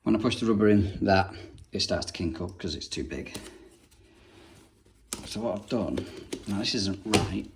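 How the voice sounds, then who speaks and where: This is a young English tradesman narrating his own plumbing job indoors, chatty and wryly fed up. His voice sits very low. A faint hiss hangs behind him. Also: animated, moderate pace, long pauses. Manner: chatty, dry grumbling asides while working. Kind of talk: casual work vlog narration.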